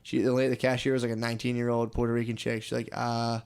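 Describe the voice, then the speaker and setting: A man's voice: mid-range voice, monotone, fast talker, darkish tone, smooth. A young man co-hosting a comedy podcast, telling rambling, swear-filled stories and saying dude constantly. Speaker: podcast co-host. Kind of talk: casual comedy podcast chat.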